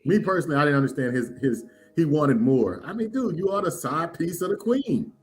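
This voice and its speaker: A man's voice: on the high side, very animated, a little fast, a crowd in the background. A man co-hosting a TV recap podcast, bantering and joking. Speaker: podcast co-host. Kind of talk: casual TV recap chat.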